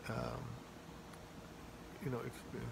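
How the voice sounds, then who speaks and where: A man walks through everyday phrases in a relaxed, rambling teaching style. He fills his talk with fillers and restarts and laughs at his own examples. His voice sits at an ordinary middle pitch, and steady noise runs under the recording. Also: takes it slowly, vocal fry. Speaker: language teacher. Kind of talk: casual vocabulary lesson.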